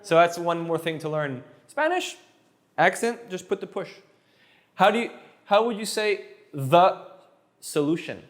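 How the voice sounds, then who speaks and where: A man of French mother tongue tutoring Spanish in an energetic lesson, quick and playful, repeating words as he goes. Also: sits high. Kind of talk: energetic one-on-one language lesson.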